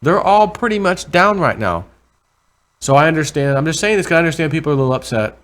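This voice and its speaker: A man vlogging casual commentary over price charts, rambling and correcting himself, with excited bursts over numbers. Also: a little high, quick pace. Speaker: crypto vlogger.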